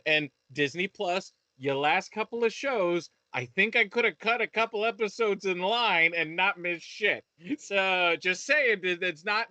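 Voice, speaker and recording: Man, rambling profane rant, lots of restarts, high-pitched, bright tone. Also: dry recording. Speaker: podcast co-host reviewing shows. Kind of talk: casual chat.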